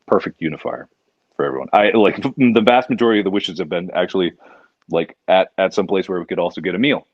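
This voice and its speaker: A man hosting a casual charity livestream, animated and jokey, sometimes jumping into high exaggerated outbursts. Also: no echo, dull audio. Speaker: livestream host.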